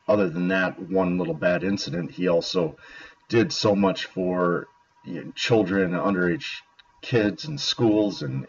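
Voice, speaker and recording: A man's voice: low-pitched, vocal fry. A man co-hosting a casual podcast, rambling with plenty of fillers and emphatic opinions. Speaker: podcast co-host. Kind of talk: casual chat. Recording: dull lo-fi audio.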